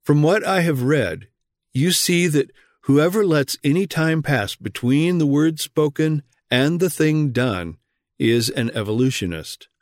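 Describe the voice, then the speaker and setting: A man's voice: a little high, expressive, a little slow, no echo, studio quality. A man reading an old sermon aloud in an earnest way, pressing questions on his listeners. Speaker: reader of a sermon.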